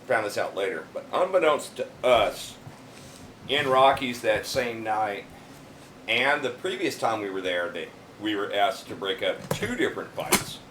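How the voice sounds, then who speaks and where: A man co-hosting a podcast, retelling a night out in an animated, laughing way. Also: on the low side. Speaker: podcast co-host. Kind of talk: casual storytelling chat. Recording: roomy echo with faint noise.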